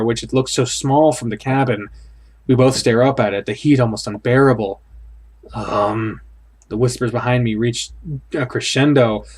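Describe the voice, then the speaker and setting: A man reading a horror visual novel aloud in the first person, acting it out and blurting out startled reactions. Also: mid-range voice. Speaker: let's play host.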